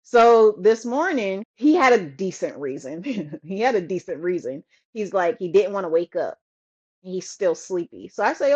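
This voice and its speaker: A woman's voice: medium pitch, moderate pace, husky. Mom cohost ranting about her kid, voice jumps all over, laughs a lot, muffled audio. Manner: expressive, laughing, exasperated parenting rant. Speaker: podcast co-host. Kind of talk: casual chat.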